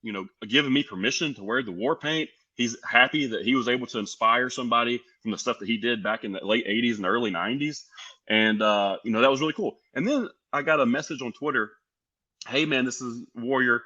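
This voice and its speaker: Animated young man, bright lo-fi voice. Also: medium pitch, fast talker. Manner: animated, lively storyteller acting out quotes. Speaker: podcast guest, pro wrestler. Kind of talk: casual storytelling.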